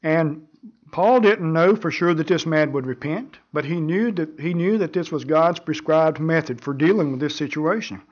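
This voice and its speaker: A male preacher delivers his sermon in an earnest, measured way, now and then stumbling over and repeating a word. His voice sits slightly on the high side. The recording sounds dull and low in fidelity. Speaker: pastor.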